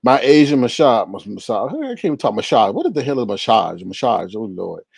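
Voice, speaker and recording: A man hosting a casual livestream, retelling a story with lots of laughter and acting out the scenes in high voices. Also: expressive, brisk, creaky, darkish tone, slightly rough, no echo. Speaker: livestream host reading viewer comments.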